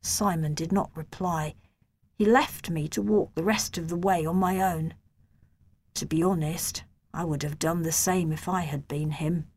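Woman reading a kids' book out loud, slow and gentle, measured. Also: fairly low pitch, steady tone, slightly rough. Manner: gentle, measured, first-person storytelling. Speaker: audiobook narrator. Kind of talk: reading a children's novel aloud.

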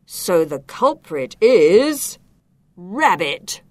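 A greedy goat inspector from a children's storybook, as a woman reads him. He weighs every word slowly and pompously. The sound is dry and up close. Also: on the low side, sing-song, no echo, full character voice. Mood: deliberate. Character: greedy male goat inspector, jury president. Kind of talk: storybook character voice.

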